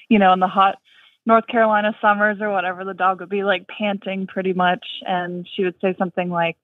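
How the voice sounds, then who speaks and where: A woman's voice: mid-range voice, level tone, normal speed, no room sound. A woman calling in to a radio show, talking casually with lots of fillers over the phone. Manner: chatty, many fillers like "like" and "uh". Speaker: caller. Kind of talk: phone-in chat. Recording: tinny phone line from far off.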